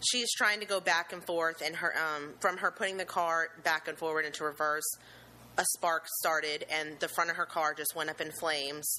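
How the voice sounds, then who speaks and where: A young woman nervously recounting a frightening event she saw, halting and earnest, with many pauses and restarts. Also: deep voice, fairly even intonation, bright, forceful tone, slight background noise, low-quality recording. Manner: earnest and emotional, with religious gratitude. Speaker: eyewitness telling her story. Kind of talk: personal account, unscripted.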